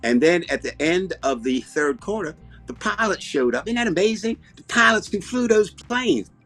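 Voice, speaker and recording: Southern alabama guy doing comic banter, rambling deadpan, kinda husky, lively voice. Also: sits high, normal speed, faint music behind. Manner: rambling, deadpan, self-interrupting. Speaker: comedy show host. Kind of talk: comic talk-show banter in character.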